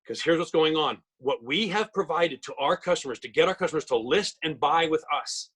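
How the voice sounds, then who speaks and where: A middle-aged man leads a real estate training webinar, speaking very fast with an emphatic salesman's push. His voice sits high and has a husky edge. He talks into a computer mic on a video call. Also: lively intonation, a bit bright, rough recording. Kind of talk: webinar presentation.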